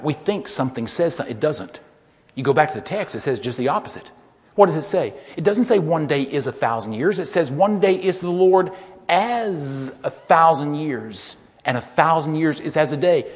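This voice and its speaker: A man giving a sermon-style Bible lecture, telling stories emphatically and building to loud peaks. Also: a little high, animated, fairly quick. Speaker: lecturer, preacher. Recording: long hall reverb.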